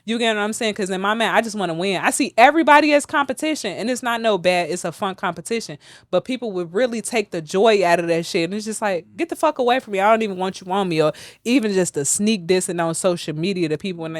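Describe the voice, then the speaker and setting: A woman's voice: medium pitch, expressive, fast, no echo. A woman, a podcast guest talking bluntly and profanely in a candid studio interview, getting heated as she goes.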